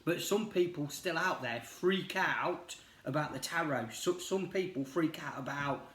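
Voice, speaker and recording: A man's voice: on the high side, unhurried, fairly bright tone. Chatty man with roomy echo. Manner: chatty, rambling with many fillers and restarts. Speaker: tarot reader. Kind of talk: casual chat while reading cards.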